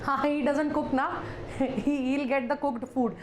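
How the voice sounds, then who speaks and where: A woman's voice: high voice, steady tone, normal speed, noisy background. A woman teacher with an Indian English accent, chatting playfully with students during a live online class and mixing Hindi into her English.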